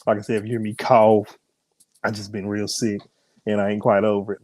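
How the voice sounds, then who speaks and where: A man's voice: fairly low pitch, darkish tone, dry recording. A man hosting a live ministry broadcast while sick, his voice strained; he chats casually, greets viewers by name, then prays and preaches. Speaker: host and minister. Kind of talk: live-streamed sermon and chat.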